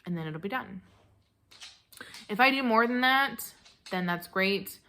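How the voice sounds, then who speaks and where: A woman's voice: mid-range voice, expressive, a little slow, bright, forceful tone. A woman knitting vlogger chatting casually and gushing, with lots of fillers and restarts. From American Midwest. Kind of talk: casual chat.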